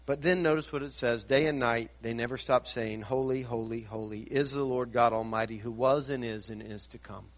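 An older man preaching a sermon, grandfatherly and dynamic, dropping to hushed tones and rising to shouted emphasis. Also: mid-range voice, steady tone, moderate pace, hardly any pauses. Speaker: pastor.

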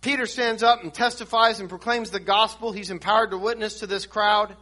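Bright high-voiced male preacher. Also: fairly even intonation, fairly quick. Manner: emphatic teaching with frequent restarts; reads and explains scripture verse by verse. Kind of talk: sermon.

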